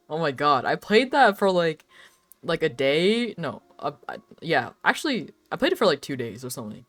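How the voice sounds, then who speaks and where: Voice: medium pitch, sing-song, moderate pace, a bit bright, no room sound, faint music behind. A young adult live streamer chatting casually while drawing, rambling with lots of filler words, frequent laughs and swearing.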